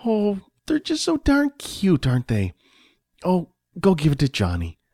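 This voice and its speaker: A man's voice: medium pitch, big pitch swings, moderate pace, dark tone, slightly rough, dry recording, studio quality. A man reading aloud and voicing a stern, frowning older woman who scolds her husband in a storybook. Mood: cooing. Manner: scolding then cooing. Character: stern grandmotherly woman, wrinkled, frowning, softens.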